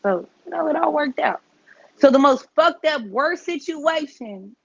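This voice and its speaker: A woman's voice: sits high, expressive, a little slow, vocal fry, dry recording, lo-fi sound. A woman guest on a podcast telling a story casually, in a blunt, slangy, matter-of-fact way.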